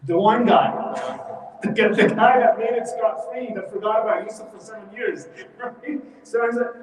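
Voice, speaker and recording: Man, quick animated storytelling teacher, distant mic, roomy hall reverb, faint ambience. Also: high-pitched. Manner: animated storytelling, acts out quoted speech. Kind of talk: Quran study class. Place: mosque hall. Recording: echoey hall from far off.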